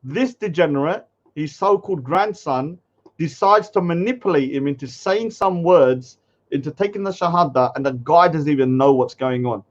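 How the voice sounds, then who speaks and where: Brief: higher-voiced male streamer, mocking and dismissive, muffled stream sound. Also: normal speed. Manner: scornful, mocking, mimics commenters in a high voice. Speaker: livestream commentator. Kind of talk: casual livestream commentary. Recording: dull lo-fi stream audio.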